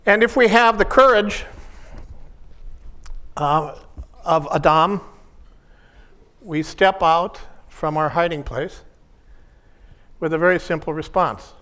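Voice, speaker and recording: A man who works as a pastoral counselor, giving a reflective workshop talk in short, measured phrases. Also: fairly high pitch, fairly bright tone.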